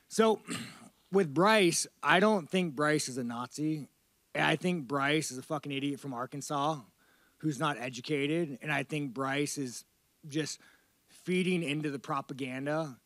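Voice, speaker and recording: Profane rambling fighter, bro-ish. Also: male voice, fairly high pitch, a little slow, fairly bright tone, no room sound. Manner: profane, rambling and loose, often calling people dude. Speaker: fighter at a media interview. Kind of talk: casual media-day interview.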